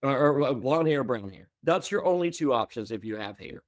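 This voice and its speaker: A man in a podcast interview tells wild stories about himself in an animated, self-mocking way. He stutters over his words and leaps up high when he quotes other people. His voice sits at a middling pitch, recorded close and dry. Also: fairly quick, no room sound. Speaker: guest, former reality show contestant. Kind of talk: casual storytelling in a podcast interview.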